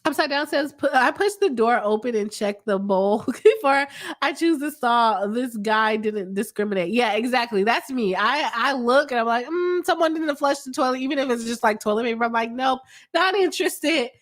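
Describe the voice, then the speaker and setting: A woman, a lawyer chatting her way through a live stream and reading viewer comments aloud. Her voice sits a little high, and she laughs often. A cold leaves her coughing now and then. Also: expressive, moderate pace.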